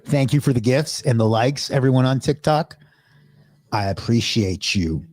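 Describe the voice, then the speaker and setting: A man's voice: mid-range voice, moderate pace, a little mellow, dry recording. Chatty male live streamer. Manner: chatty, thanks viewers and asks them to subscribe. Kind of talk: casual live stream sign-off.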